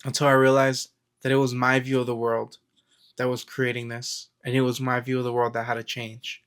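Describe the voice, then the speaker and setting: A man's voice: medium pitch, completely flat delivery, fairly quick, fairly bright tone, clear, resonant tone. A man talking casually to camera about mindset, rambling and storytelling with lots of fillers and acted-out quotes. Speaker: self-help vlogger. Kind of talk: casual motivational talk to camera.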